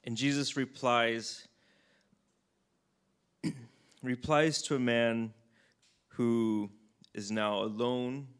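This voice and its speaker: A man reading scripture and reflecting on it in an unhurried way, often clearing his throat. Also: medium pitch, fairly even intonation, fairly bright tone. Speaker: preacher.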